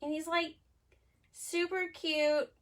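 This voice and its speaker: A woman's voice: very high voice, flat delivery, slow pace, a bit bright. A woman hosting a casual cosmetics-making livestream, chatty and rambling, full of "like", laughing easily. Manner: chatty and rambling, heavy use of "like". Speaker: host of a handmade cosmetics show.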